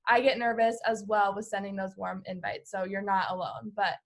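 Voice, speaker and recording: A woman's voice: mid-range voice, flat delivery, normal speed, vocal fry. A woman hosting a team video call, gushing and effusive, with "like" in nearly every phrase. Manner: gushing, heavy use of "like". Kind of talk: casual video call chat.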